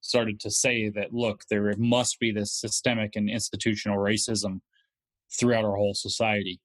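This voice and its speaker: Low-voiced man, dry close sound. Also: level tone, moderate pace, a bit bright, no echo. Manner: thoughtful, explanatory, uses fillers like "like". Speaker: podcast guest. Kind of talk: casual conversational podcast.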